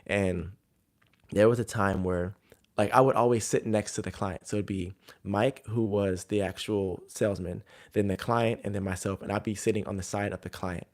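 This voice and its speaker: Low-voiced casual coach giving advice. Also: male voice, steady tone, normal speed, a little mellow. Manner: conversational, filler-heavy storytelling. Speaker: jump coach.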